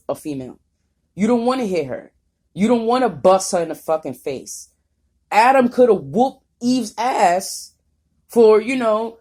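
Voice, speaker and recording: A woman's voice: medium pitch, warm tone. A woman vlogger talking off the cuff in a rambling, profane, confrontational rant. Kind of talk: unscripted vlog monologue.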